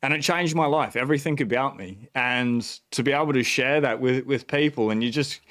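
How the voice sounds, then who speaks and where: Excited, swearing Australian man. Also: mid-range voice, brisk. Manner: excited, profane, rambling with fillers. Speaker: bitcoin channel host. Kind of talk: casual livestream rant. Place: at home.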